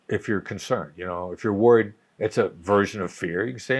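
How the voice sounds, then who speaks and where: A man in his sixties, a negotiation coach, explaining in a measured way and often restarting phrases. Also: on the low side. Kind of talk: conversational explaining.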